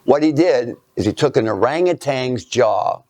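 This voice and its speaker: A man lecturing through a personal anecdote, halting and self-mocking, dropping into hushed asides. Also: medium pitch, lively intonation, no room sound.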